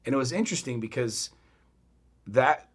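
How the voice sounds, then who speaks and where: A middle-aged man co-hosting a podcast, telling a story in a blunt, profane, animated way. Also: mid-range voice, normal speed, slightly rough. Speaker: podcast co-host. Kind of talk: casual chat.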